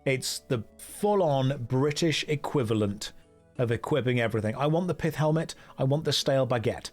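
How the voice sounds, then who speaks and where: A man's voice: mid-range voice, moderate pace, soft background music. A man streaming a game, chatting casually, joking and reading chat aloud. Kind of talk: casual gameplay commentary.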